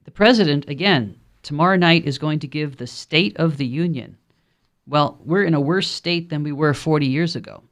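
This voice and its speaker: A man's voice: a little high, moderate pace, a bit bright. A man with a Brooklyn accent hosting a call-in radio talk show, speaking in a conversational, rambling way with frequent ums and uhs. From Brooklyn, New York.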